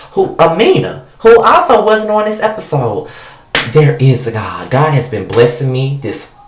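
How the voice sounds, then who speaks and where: A woman's voice: rumbling low, a little hiss or hum. A woman reviewing a reality show in a casual, blunt, heavily profane rant, talking straight at the people in it. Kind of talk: casual ranting recap. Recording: echoey room.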